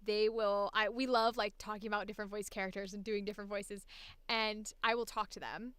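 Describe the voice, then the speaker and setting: A woman voice actor in a casual, animated chat about voice acting, laughing often as she talks. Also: medium pitch, brisk, clear, resonant tone, no room sound.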